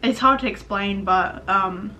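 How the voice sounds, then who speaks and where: A woman's voice: medium pitch, measured pace, pushed and bright, muffled recording, soft background music. A young adult woman vlogging candidly about her life, rambling and swearing casually. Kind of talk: candid personal vlog talk.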